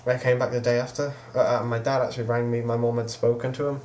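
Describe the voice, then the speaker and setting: A teenage guy rambles through a personal story in a casual bedroom vlog, quoting people with "I was just like." His mid-range voice is fast and darkish, with little pitch movement. There's slight background noise.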